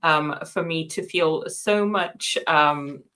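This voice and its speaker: A woman's voice: low voice, slow, sharp tone. A woman co-hosting a live book club stream, speaking thoughtfully with many fillers. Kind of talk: casual book discussion.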